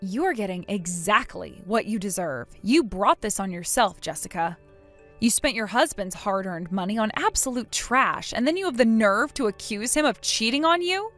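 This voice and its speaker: A woman's voice: mid-range voice, lively intonation, moderate pace, fairly bright tone, soft background music, close to an everyday voice. A woman voicing a stern, cold young woman who scolds and refuses to forgive in a scripted drama.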